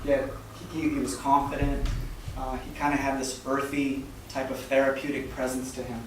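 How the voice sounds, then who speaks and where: A man preaching a sermon as a story, soft-spoken and halting, with many fillers and repeated words. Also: mid-range voice, monotone. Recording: very echoey hall, mic far off, faint noise.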